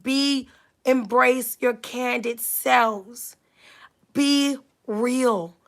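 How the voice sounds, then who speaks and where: A woman's voice: a little high, steady tone, drawn-out words. A young adult woman giving a motivational talk in an emphatic, repetitive preaching cadence, her voice slightly scratchy from allergies. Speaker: motivational speaker.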